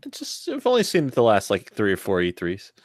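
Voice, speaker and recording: A man co-hosting a casual gaming chat, cracking jokes and throwing in quick opinions. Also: lowish voice, huge pitch swings, no room sound, studio quality. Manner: joking, does goofy accents. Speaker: co-host.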